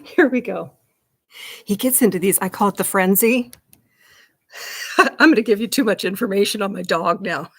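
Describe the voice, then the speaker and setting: A woman's voice: mid-range voice, normal speed, long pauses, husky. Chatty woman hosting a livestream. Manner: chatty, laughing often, talking to her dog. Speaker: livestream host. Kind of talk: casual livestream chat.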